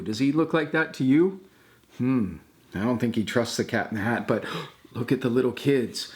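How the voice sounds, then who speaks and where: An older man, a grandfather, reading a picture book aloud to a child in a gentle, affectionate way, exclaiming and pointing out the pictures. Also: mid-range voice, normal speed.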